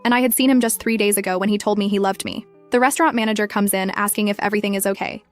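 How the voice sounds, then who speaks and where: A young woman narrating a scripted first-person story in a brisk, dramatic way. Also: medium pitch, steady tone, faint music behind.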